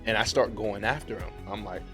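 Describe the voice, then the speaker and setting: A man from Pittsburgh, a podcast guest, telling a story in casual chat and acting out the quotes with his voice jumping up high. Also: brisk, music in the background. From Pittsburgh, USA. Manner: animated retelling, acts out quotes with rising pitch.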